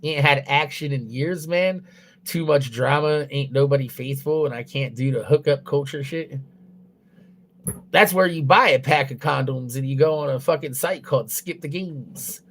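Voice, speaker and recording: A man's voice: fairly high pitch, moderate pace, fairly bright tone. Crude, blunt young man streaming. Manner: crude, blunt and heavy on swearing; loose, rambling delivery with restarts. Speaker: livestreamer. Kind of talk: casual livestream chat.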